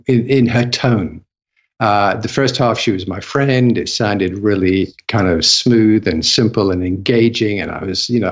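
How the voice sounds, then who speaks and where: A man's voice: on the low side, husky. A man giving an interview as a copywriting guest, chatty and casual, often restarting and repeating words mid-sentence. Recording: slightly dull lo-fi audio.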